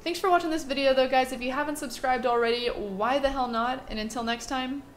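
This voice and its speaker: A woman's voice: high-pitched, brisk, slight background noise. Chatty young woman telling a story. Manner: chatty, self-deprecating, animated. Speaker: vlogger. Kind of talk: casual storytelling to camera.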